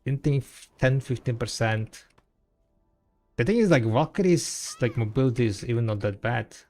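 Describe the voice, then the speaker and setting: A man talks casually to his viewers while he plays, rambling along with lots of "uh" and "like" and restarting his sentences. His mid-range voice has a gravelly edge. Soft music plays faintly under his talk. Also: medium pitch, lively intonation, moderate pace. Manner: rambling and laid-back, heavy with fillers and restarts. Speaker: game streamer. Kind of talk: casual gaming stream chat.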